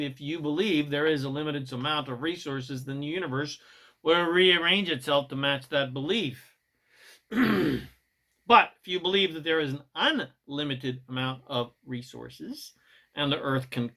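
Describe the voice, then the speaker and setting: Preachy self-help guy, bright voice kinda high, punchy and emphatic. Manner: emphatic, preachy, swings between loud and soft. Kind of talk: motivational monologue.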